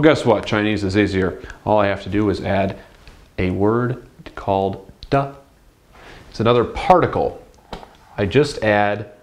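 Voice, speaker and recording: A man teaching a beginner language lesson in an upbeat way, drilling words slowly and repeating each one. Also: fairly low pitch, darkish tone. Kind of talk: classroom-style language lesson.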